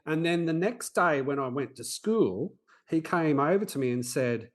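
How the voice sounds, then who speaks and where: A man in his forties, a podcast host, telling a personal story in an earnest, halting way with frequent restarts. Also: a little high, lively intonation. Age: 40s.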